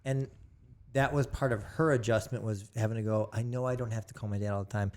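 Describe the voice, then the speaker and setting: A man's voice: fairly low pitch, fairly even intonation, fast talker, a little hiss or hum. A man talking casually as a podcast guest, rambling with many restarts into a studio microphone. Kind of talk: casual chat.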